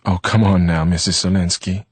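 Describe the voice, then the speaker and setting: A man's voice: low-pitched, little pitch movement, moderate pace, breathy edge, dry recording. A man voicing an anxious young woman who is searching for her missing brother, earnest and shaky.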